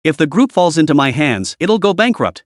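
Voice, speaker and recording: A woman's voice: low-pitched, sing-song, moderate pace, dry recording, studio quality. A man voicing a spoiled, childish young woman in a recapped comic story, talking in a whiny, indignant way.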